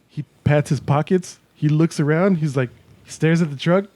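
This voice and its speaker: A man co-hosting a podcast in casual chat, an animated storyteller who acts out quotes and swears a lot. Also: a little high, normal speed, no echo. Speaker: podcast co-host. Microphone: studio mic.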